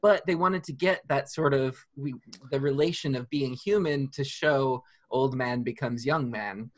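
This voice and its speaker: Male co-host, husky tone, wry conversational delivery. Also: mid-range voice, measured pace. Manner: wry, musing. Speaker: podcast co-host. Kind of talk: casual chat.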